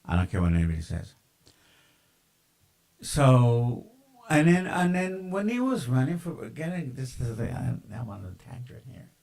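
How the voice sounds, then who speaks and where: A man's voice: mid-range voice, sing-song, a little slow, gravelly, darkish tone, low-quality recording. A man ranting in a casual, rambling monologue, with lots of profanity, fillers and tangents.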